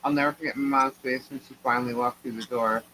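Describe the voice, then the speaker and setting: A woman's voice: rumbling low, fairly even intonation, quick pace, a bit bright, slight background noise, poor audio. A middle-aged woman co-hosting a live stream, telling a long family story in a rambling, chatty way and laughing between sentences. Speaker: livestream co-host.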